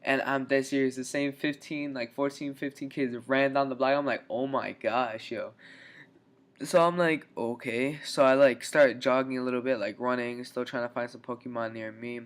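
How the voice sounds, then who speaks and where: A man's voice: medium pitch, little pitch movement, fairly quick, hardly any pauses, smooth. A young man vlogger telling a story in a casual, rambling way, full of fillers.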